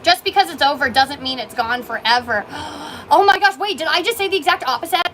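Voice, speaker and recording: Inside her small coffee shop, a Canadian owner chats on a livestream, reading out comments from viewers with bubbly, emotional gushing. The voice is high, fairly quick, and a bit bright, with a little hiss or hum behind it.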